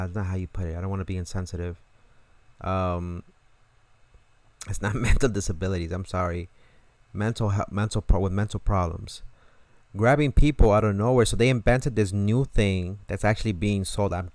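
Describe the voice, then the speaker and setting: A man's voice: deep voice, a little mellow, dry recording. A young man hosting a reaction channel, telling stories casually and animatedly, full of fillers and swearing. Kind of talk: casual storytelling.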